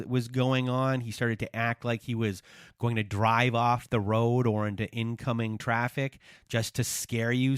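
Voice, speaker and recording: A man hosting a podcast, calmly summarizing his guest's story back to her. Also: medium pitch, smooth, dry recording, clean studio sound. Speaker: podcast host. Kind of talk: interview recap.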